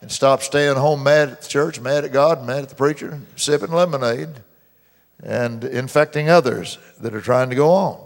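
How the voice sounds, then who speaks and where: A man preaching a sermon as pastor, stretching out key verses slowly and loudly, with dramatic emphasis. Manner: mimics complainers in a high whiny voice. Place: church sanctuary. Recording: long reverb of a church hall.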